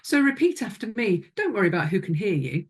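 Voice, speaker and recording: A woman presenting a music teaching webinar, speaking calmly and instructively into a close microphone. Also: medium pitch, fast talker, husky. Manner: calm, instructive, demonstrates vocal exercises.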